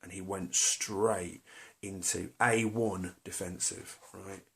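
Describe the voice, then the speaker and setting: A man's voice: low-pitched, fairly even intonation, takes it slowly, creaky, a bit bright. A middle-aged man tells a personal story to camera, hesitant and confessional, full of fillers and restarts. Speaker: vlogger.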